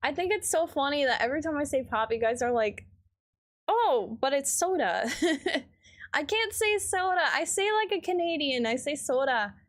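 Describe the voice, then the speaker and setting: A woman's voice: high voice, lively intonation, moderate pace, fairly bright tone. A young woman with a Midwestern American accent chatting casually with her stream chat while gaming, rambling with lots of fillers. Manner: rambling, filler-heavy, reads chat aloud.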